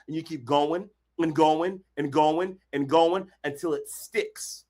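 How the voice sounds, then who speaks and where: A man hosting a motivational workshop over a video call, acting out quotes and bursting into shouts. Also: a little high, steady tone, slow. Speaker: workshop host, counselor.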